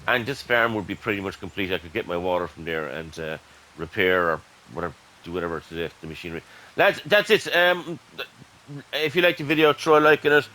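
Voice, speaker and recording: An Irish man giving casual, excitable gameplay commentary and chatting to his viewers as "lads". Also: sits low, quick pace, poor audio. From Ireland. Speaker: gaming YouTuber.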